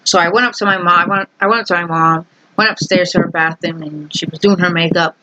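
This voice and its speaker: A woman's voice: on the low side, steady tone, fast talker, pushed and bright, no echo, lo-fi sound. A young adult woman vlogger telling a family story in a casual, rambling, amused way.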